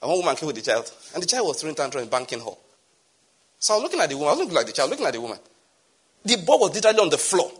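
A middle-aged man preaching a sermon as pastor, animated, swinging from loud exclamations to soft asides. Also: fairly high pitch, husky.

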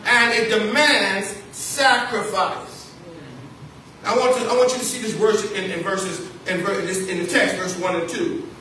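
A man's voice: high voice, fairly even intonation, normal speed, sharp tone. A man preaching a sermon from the pulpit as pastor, repeating key phrases and calling out to his congregation. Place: church sanctuary. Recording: echoey church hall, distant mic, faint noise.

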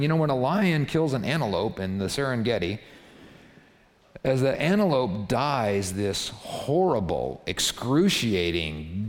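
Brief: male preacher, lively, swooping pitch, gravelly edges, chatty sermon with rising rhetorical questions. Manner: conversational, building to impassioned rhetorical questions. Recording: long reverb of a large hall.

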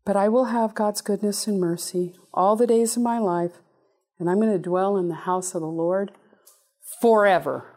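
A woman preaching a sermon in an animated, playful way, with sudden high exclamations. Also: normal speed. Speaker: speaker giving a talk.

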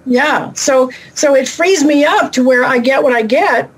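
A middle-aged woman talking as an interview guest over a remote call, chatty and down-to-earth with quick asides. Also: high-pitched, poor audio. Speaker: guest, animal intuitive and shaman. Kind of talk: casual interview talk.

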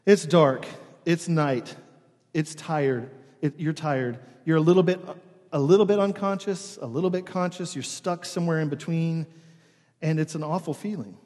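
A man's voice: a little high, normal speed. A man preaching a sermon in a church, reading scripture and then telling stories conversationally. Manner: conversational storytelling with animated imitations. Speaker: pastor. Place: church sanctuary. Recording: long hall reverb.

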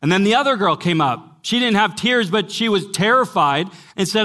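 A man's voice: high-pitched, expressive, moderate pace, bright, forceful tone. A man preaching to a young adults gathering at church, telling stories emphatically and often saying "listen". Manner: emphatic storytelling, repeating "listen". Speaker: pastor and former college teacher. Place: church gathering before a live audience.

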